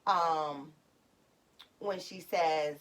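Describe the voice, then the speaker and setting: A woman telling a personal story to her viewers in a casual, animated way. She acts out what people said and talks to her audience directly. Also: sits low, extremely slow.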